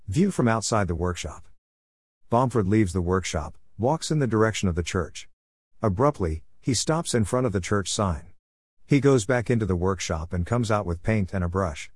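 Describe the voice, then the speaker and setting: Low-voiced man narrating a storybook tale. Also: expressive, normal speed, a little mellow, slightly rough, no room sound, clean studio sound.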